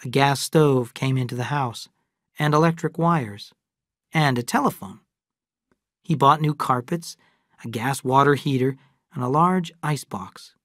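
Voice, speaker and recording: Clear, steady storybook narrator. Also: medium pitch, a little slow, long pauses, no echo, studio quality. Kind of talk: scripted narration for English learners.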